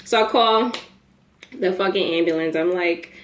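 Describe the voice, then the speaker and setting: Animated young woman in an echoey room. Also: medium pitch, unhurried. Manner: animated, profane, laughs through the telling. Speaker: vlogger telling a story. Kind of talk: casual storytime.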